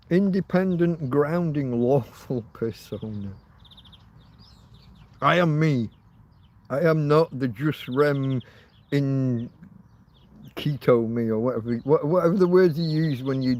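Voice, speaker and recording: A man's voice: medium pitch, a little mellow. A man hosting a casual livestream, rambling, laughing often and swearing. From Britain. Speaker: livestream host.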